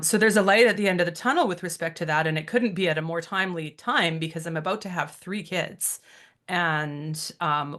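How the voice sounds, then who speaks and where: A woman's voice: low voice, fairly bright tone. A woman in her thirties co-hosting a podcast, speaking reflectively and from the heart, with frequent ums. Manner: reflective, heartfelt, many fillers. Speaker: podcast co-host. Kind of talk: casual podcast chat.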